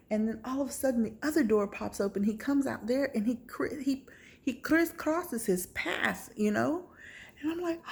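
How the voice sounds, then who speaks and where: A woman's voice: a little high, gravelly, darkish tone. A woman vlogger telling a personal testimony story, acting out her reactions with gasps.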